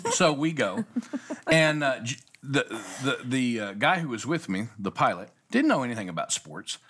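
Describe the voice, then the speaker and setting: A man's voice: mid-range voice, a little slow, husky. A middle-aged man, a pastor, telling a story in a casual talk show, acting out the people he quotes. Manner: animated storyteller, acts out quoted voices.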